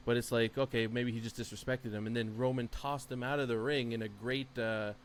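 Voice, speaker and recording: A man's voice: medium pitch, fairly even intonation, brisk, a little hiss or hum. A man co-hosting a podcast, chatting casually in a rambling, enthusiastic way with plenty of fillers. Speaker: podcast co-host. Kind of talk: casual chat.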